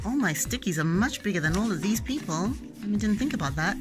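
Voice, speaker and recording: Over music in a rough recording, a mother speaks at a medium pitch, expressive and fast, during a playful toy lesson with her toddler. She asks coaxing, sing-song questions and acts out animal sounds as they play.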